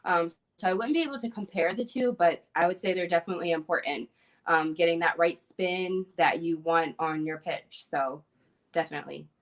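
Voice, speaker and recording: A young woman, a former softball pitcher, chatting casually as a guest on a video-call interview, with frequent fillers and light laughs. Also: a little fast. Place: room at home.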